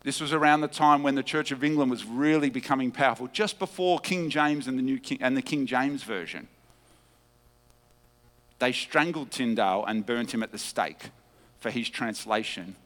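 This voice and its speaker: A man preaching a teaching sermon, emphatic, with wide swings of pitch and loudness. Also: moderate pace. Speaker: pastor. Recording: long hall reverb.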